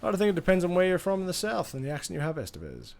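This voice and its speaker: A man's voice: high-pitched, huge pitch swings, rapid-fire, gravelly. Australian man chatting on a game stream. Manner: rambling, swears freely, answers chat while playing. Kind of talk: casual gaming livestream chat.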